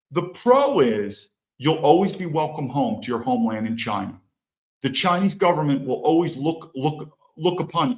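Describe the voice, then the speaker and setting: A man's voice: a little high, low-quality recording. A man ranting on his own commentary stream, heated and profane, often restarting his sentences. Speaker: livestream commentator. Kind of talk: solo political commentary stream.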